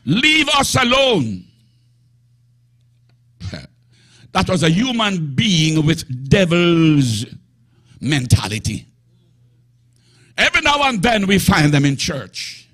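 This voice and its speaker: A male preacher delivers a sermon in a breathy, husky voice, slow and drawn-out. His pitch swings widely and rises to emphatic shouts. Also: sing-song. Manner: emphatic, rising to shouts with bursts of laughter.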